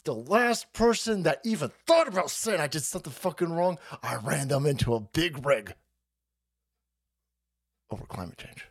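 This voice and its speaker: Profane mocking man with a lively voice. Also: fairly high pitch, normal speed. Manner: crude, mocking, laughing often. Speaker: streamer host. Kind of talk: profane livestream commentary.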